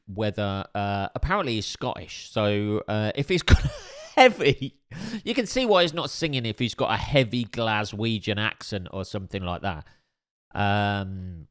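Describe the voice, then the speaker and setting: A man's voice: on the low side, a bit bright, smooth. A man telling a story in casual chat, wry and rambling, with many fillers and restarts. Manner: dry, wry humor.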